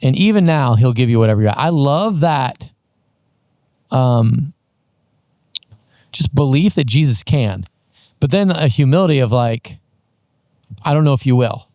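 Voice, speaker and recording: A man's voice: mid-range voice, animated, unhurried, pauses often, darkish tone, no room sound, studio quality. A man co-hosting a casual Bible discussion podcast, enthusiastic and thinking aloud as he talks. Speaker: podcast co-host.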